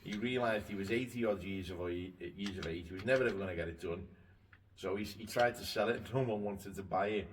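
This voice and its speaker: A man's voice: sits low, brisk. A man chatting casually and telling stories about his boat, swearing now and then. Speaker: boat owner and show regular. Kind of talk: casual chat. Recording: distant mic with faint noise.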